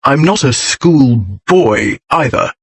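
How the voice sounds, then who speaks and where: A man's voice: fairly high pitch, expressive, takes it slowly, husky, heavily acted. A man voicing a grim aristocratic English lord who speaks in a bored, dry and scornful way, in an audiobook reading.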